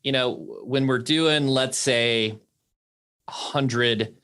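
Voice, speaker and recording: A man's voice: medium pitch, slow, a bit bright, smooth. Podcast host man framing questions. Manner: thinking aloud, restarts while framing questions. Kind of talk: conversational podcast interview.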